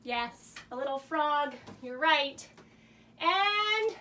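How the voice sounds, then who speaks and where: Bright high-voiced lady doing a kids show, super bouncy and encouraging, mic kinda far off w a little hum. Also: moderate pace. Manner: animated, encouraging, speaks to kids at home. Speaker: children's show host. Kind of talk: playing charades with young viewers. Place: home laundry room. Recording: a bit away from the mic, faint room hum.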